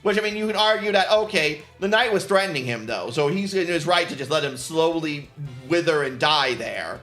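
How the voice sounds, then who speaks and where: A man's voice: on the high side, lively intonation, moderate pace, a bit bright, roomy sound, soft background music. A man streaming casually, rambling and swearing with frequent laughter. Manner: rambling, profane, laughs often. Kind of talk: casual chat while painting.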